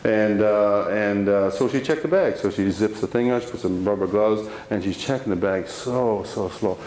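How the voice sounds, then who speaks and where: A man giving a live motivational talk to an audience, telling a personal story with animated delivery and frequent restarts. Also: lowish voice, normal speed. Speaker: motivational speaker. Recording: roomy hall sound, faint background noise.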